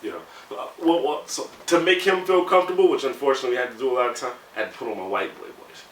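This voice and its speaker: Thirties man, conversational, heats up telling stories; bright timbre, recorded in a roomy space. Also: medium pitch, rapid-fire. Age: 30s. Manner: conversational, heated when recounting, many "you know" fillers. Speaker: navy sailor interviewee. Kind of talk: candid personal storytelling. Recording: roomy sound, mic at a distance, faint background hum.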